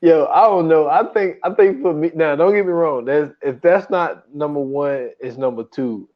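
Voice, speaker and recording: A man co-hosting a casual movie podcast, rambling with halting starts and bursts of laughter. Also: on the high side. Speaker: podcast co-host. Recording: dull lo-fi mic.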